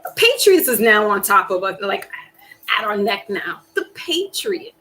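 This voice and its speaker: A woman chats casually on her live stream in an animated, rambling way. Her talk is slangy and emphatic, her pitch sits mid-range, and she often breaks into a sigh or a laugh. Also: moderate pace, rough recording. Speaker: tarot reader and live stream host.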